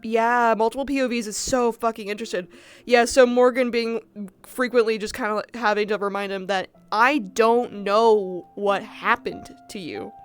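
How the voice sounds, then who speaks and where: A woman streamer with a somewhat high voice chats casually with her viewers, talking to chat directly and swearing freely. Faint music plays softly behind her. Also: steady tone, normal speed, clear, resonant tone. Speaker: livestreamer. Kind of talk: casual chat with viewers after a roleplay session.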